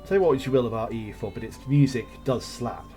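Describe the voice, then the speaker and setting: A man's voice: mid-range voice, a little fast, mellow, soft background music. A man casually commentating his own strategy game play as he thinks aloud, with jokey asides. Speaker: gameplay streamer. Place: home setup, recorded live on a voice chat.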